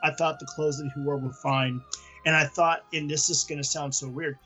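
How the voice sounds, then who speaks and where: A man's voice: fairly high pitch, steady tone, moderate pace, pushed and bright, slightly rough, faint music behind. A man co-hosting a comics podcast, talking casually and rambling through his points. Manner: chatty, rambling with restarts. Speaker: podcast co-host. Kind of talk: casual chat about comics.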